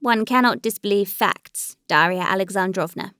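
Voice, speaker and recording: A woman reading the part of a stiff, wounded aristocratic husband who speaks in measured, formal, bitter tones. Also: mid-range voice, fairly bright tone, dry recording, studio quality, close to an everyday voice. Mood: cold.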